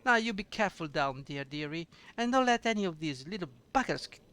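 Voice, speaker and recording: A man's voice: on the high side, expressive, fairly quick, bright, forceful tone. A man playing a fussy tavern keeper lady. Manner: fussy, calls the listener dearie. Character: fussy middle-aged woman tavern keeper, sweet, afraid of bugs. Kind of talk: reading game dialogue aloud.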